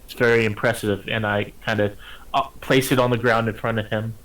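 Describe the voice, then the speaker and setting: A man playing a cleric in a tabletop game, speaking calmly and soothingly. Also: lowish voice, a little fast, low-quality recording. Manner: calm, soothing. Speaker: player. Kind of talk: casual tabletop play.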